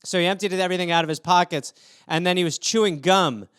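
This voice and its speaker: Recording a solo comedy podcast in a home room, a man with a high, smooth, slightly bright voice riffs fast on news stories. He swears a lot and rambles from one absurd scenario to another, and the sound is close and dry with no room echo.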